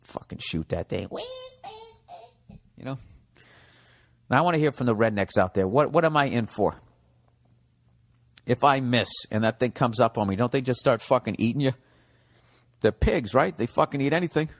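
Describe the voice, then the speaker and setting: Man, 40s, from the US, podcast host, profane riffing monologue, middle pitch, long reverb. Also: lively intonation, normal speed, pauses often. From United States.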